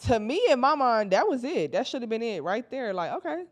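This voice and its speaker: A woman's voice: a little high, sing-song, a little fast. A young woman vlogger telling a casual story in heavy slang, animatedly acting out what her friends said.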